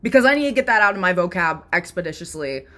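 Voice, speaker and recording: A woman's voice: on the low side, expressive, quick pace, sharp tone. A young woman vlogging in a casual, chatty way. She tells stories with energy and says "like" a lot. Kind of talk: casual chat.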